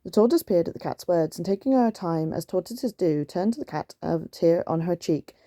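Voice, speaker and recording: A woman reading a picture book aloud in a gentle, soothing way, with chatty asides. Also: fairly low pitch, lively intonation, normal speed. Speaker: storytime reader.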